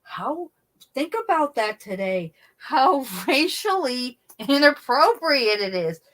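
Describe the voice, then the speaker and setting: A woman's voice: sits high, very animated, slow, fairly bright tone. A middle-aged woman chatting casually to her livestream viewers, laughing often and acting out the voices of people she quotes. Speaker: livestream host. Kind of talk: casual chat.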